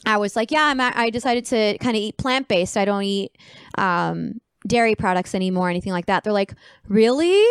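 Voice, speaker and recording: A woman guest on a chat podcast, telling a personal story with lively quoted voices. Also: medium pitch, fairly quick, clean tone, no echo, clean studio sound. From Arizona. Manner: animated storyteller, acts out quoted friends.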